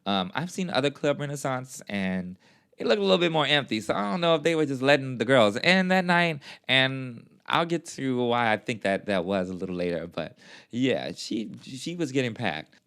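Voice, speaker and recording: A man vlogging a casual recap, telling the story in a gushing, animated way full of fillers and sassy asides. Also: medium pitch, moderate pace, smooth.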